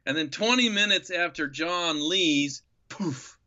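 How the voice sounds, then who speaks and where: A man's voice: fairly high pitch, takes it slowly, sharp tone, lo-fi sound. Reflective man telling a travel story. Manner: enthusiastic, reflective storyteller with many fillers. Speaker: guest. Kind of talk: storytelling in a podcast interview.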